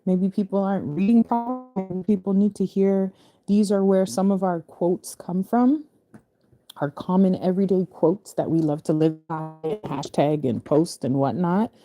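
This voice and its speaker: Reading scripture verses aloud, a woman explains them in loose, chatty asides, often restarting phrases and laughing easily. Her lowish voice is dark in tone and a little slow, recorded dry with faint music behind.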